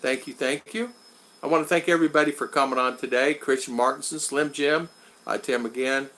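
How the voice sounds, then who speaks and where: A man hosting a casual live stream, rambling and thanking his viewers one by one, his voice going hoarse after hours of talking. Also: medium pitch, steady tone, brisk, pushed and bright.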